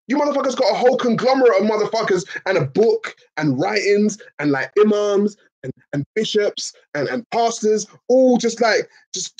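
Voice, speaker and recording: A man streaming to his chat in a casual, profane rant, animated and repeating his points. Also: high-pitched.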